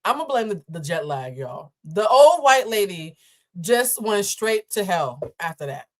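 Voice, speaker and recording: A woman's voice: medium pitch, sing-song, measured pace. A woman from Boston hosting a live stream, reacting bluntly and profanely to a viral clip and laughing often. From Boston, USA.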